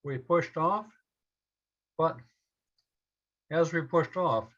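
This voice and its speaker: A man telling a personal story to a live audience, slowly and in short measured phrases. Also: a little high, fairly bright tone. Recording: dull lo-fi event recording.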